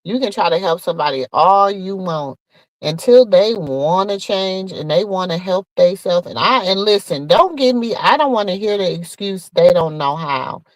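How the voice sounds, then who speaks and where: A woman hosting a casual gossip show, talking straight to her viewers in an animated, chatty way. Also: medium pitch, normal speed, dry recording, rough recording. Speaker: podcast host.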